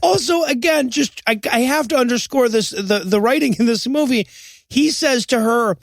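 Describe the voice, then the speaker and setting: A man co-hosting a comedic movie review podcast, animated and mocking the film's lines. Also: very high voice, moderate pace, vocal fry, no room sound. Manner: animated, mocks film lines with shouted quotes. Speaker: podcast co-host.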